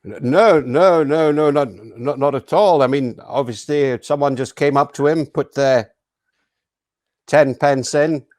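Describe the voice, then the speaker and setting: A man's voice: medium pitch, measured pace, a little mellow, no room sound, clean studio sound. A man in an improv guessing game, flustered and stammering through his denials. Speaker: improv performer.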